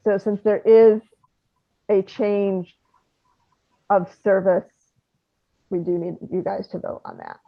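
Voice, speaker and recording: A woman on staff presenting a plan at a board meeting, in a halting way with many pauses and fillers. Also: medium pitch, steady tone, gravelly. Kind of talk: meeting report. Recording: tinny phone-like audio.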